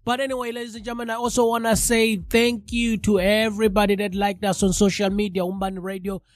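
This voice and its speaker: A man's voice: high voice, flat delivery, fast, dry recording, studio quality. A man with a stuffy, congested voice from a cold, chatting casually as a live radio show host and talking straight to his listeners. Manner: chatty, addresses listeners directly.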